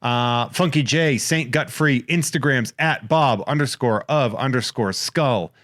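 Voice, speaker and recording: A man hosting a podcast in casual comedic chat, rattling off wry, crude shout-outs and jokes. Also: medium pitch, unhurried, no echo, clean studio sound. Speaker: podcast host.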